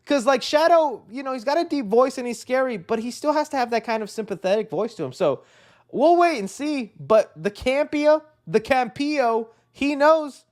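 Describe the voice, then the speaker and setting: A young man hosting a live stream, rambling and excitable, saying "dude" often and laughing a lot. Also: extremely high pitch, moderate pace. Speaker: livestream host. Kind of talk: casual live-stream chat.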